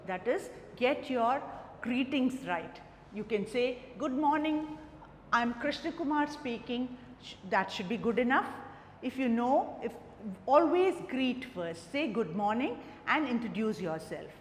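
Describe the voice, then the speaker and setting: A woman's voice: fairly high pitch, very animated, a little slow, a little hiss or hum. A woman trainer giving earnest, step-by-step instructional advice to learners. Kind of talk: instructional talk. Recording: echoey room with long reverb, faint ambience.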